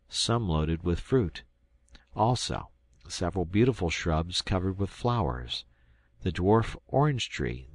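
A man narrating a classic adventure novel in a measured storytelling manner. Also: deep voice, no echo. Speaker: audiobook narrator.

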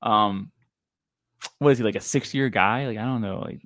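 Offhand low-voiced man on a dry mic. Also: moderate pace, fairly bright tone, no echo. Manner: loose and offhand, lots of fillers, blunt opinions. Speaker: podcast co-host. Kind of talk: casual fantasy football podcast talk.

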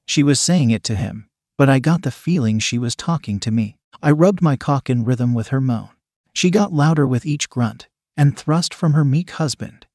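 A man telling a first-person story in a calm, even storytelling voice. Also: medium pitch, normal speed, no room sound, clean studio sound. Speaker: narrator.

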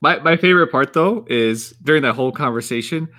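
A man on a casual podcast panel, animated and playful, slipping into voices as he retells scenes. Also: medium pitch, fairly quick. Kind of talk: casual group chat.

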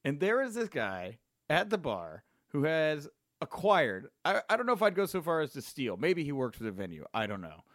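A man hosting a podcast, telling a story in a casual, excitable way and laughing often. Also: a little high, moderate pace, no room sound, studio quality. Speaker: podcast host.

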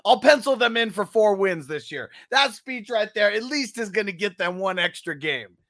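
A man hosting a casual sports podcast, relaxed, reading viewer comments aloud and laughing easily. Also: high voice, moderate pace.

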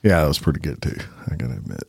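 Un homme qui anime un podcast en bavardage décontracté, avec des répliques vives. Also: male voice, extremely low pitch, expressive, racing, vocal fry, breathy edge, dry recording. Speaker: podcast host. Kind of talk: casual podcast banter.

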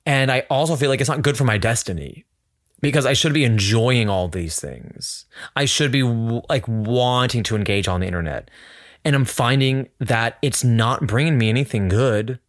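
A man's voice: medium pitch, moderate pace, dry recording. Man, podcast host, casual chat, candid and emotional, close dry sound. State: holding back tears. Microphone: studio microphone.

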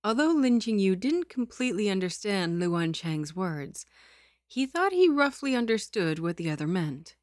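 A woman's voice: mid-range voice, big pitch swings, normal speed, no room sound, clean studio sound. A woman hosting her own stream, reading a novel aloud and chatting between passages in a giggly, self-deprecating way. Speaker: story reader and streamer.

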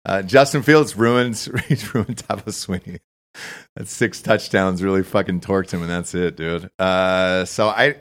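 A male podcast host talking sports betting in a loose, casual way. He is brash and swears freely, rambling through picks and ad reads in a middle-pitched voice. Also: a bit bright.

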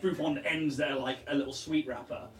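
A man's voice: on the high side, fairly even intonation, fairly quick, roomy sound, far from the mic. A man narrating as game master in loose, descriptive talk with many fillers.

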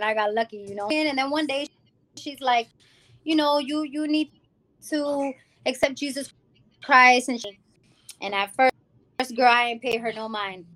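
A woman from the Bronx, New York, founder of a music venture, gives a lively personal testimony as an interview guest. Her fairly high voice carries animated storytelling as she acts out the people she quotes and calls the host "girl".

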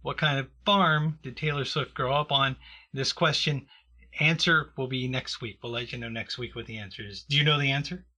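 A man's voice: mid-range voice, moderate pace, sharp tone, dull audio. A man hosting a casual, joking chat with a co-host, laughing often.

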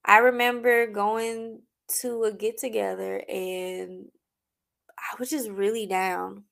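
Host type: young adult woman, candid and emphatic, gravelly edge to her voice. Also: mid-range voice, steady tone, slow pace, a bit bright. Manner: candid, heartfelt, emphatic repetition. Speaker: podcast host. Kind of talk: personal storytelling talk.

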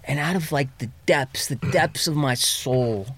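A man talks in a dry, close studio sound. He is a podcast guest with a candid, profane manner, full of restarts. His voice sinks quiet and low when the talk turns heavy, and he sits at an ordinary middle pitch for a man. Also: measured pace, husky, no echo. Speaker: podcast guest, recovery coach. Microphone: studio mic.

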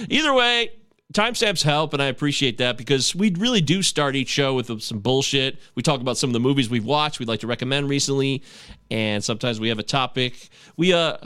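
A man in casual chat as a podcast host, jokey and animated. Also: smooth, dry recording, studio quality. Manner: animated, jokey, swoops up in pitch.

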